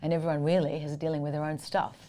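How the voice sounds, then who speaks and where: Husky woman, low and earnest. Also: little pitch movement, quick pace, warm tone, slight background noise. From Australia. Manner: earnest, emphatic, speaks in short punchy phrases. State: tired from much singing and little sleep. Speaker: guest singer and vocal teacher. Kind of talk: conversational interview.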